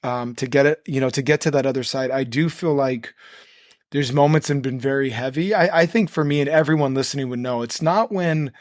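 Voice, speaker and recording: Male podcast guest, middle pitch, dead-dry studio sound, earnest sermon-like riffs. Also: no room sound. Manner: earnest, preachy, rapid run-on phrasing. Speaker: guest, nonprofit co-founder. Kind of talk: conversational podcast interview.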